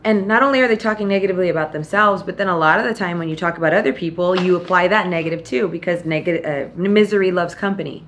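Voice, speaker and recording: A woman hosting a podcast, delivering a direct, tough-love motivational monologue and often quoting people in lively put-on voices. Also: lowish voice, fast talker, hardly any pauses, a little hiss or hum. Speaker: podcast host.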